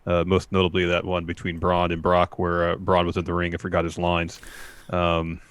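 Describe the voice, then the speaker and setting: A man's voice: low-pitched, completely flat delivery, moderate pace, fairly bright tone, clear, resonant tone, no room sound. A man co-hosting a wrestling podcast, recapping segments and paraphrasing what was said, with many "uh"s. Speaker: podcast co-host.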